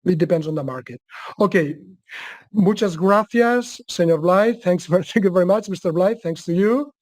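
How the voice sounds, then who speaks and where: A man with a Spanish accent presenting a webinar, answering questions in a halting way with repeated words. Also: high voice, a little mellow, no echo. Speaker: webcast presenter.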